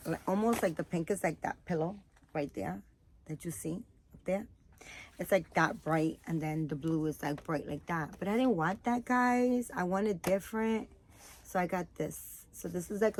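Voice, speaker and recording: A woman chatting casually to camera, tired and rambling with lots of fillers as she shows off her purchases. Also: lowish voice. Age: adult, has a daughter. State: tired, yawning. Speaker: vlogger showing baby doll items.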